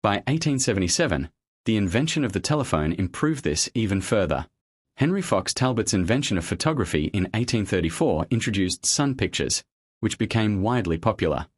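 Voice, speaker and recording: Low-voiced man narrating a history documentary. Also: big pitch swings, a little fast, breathy edge, dry recording.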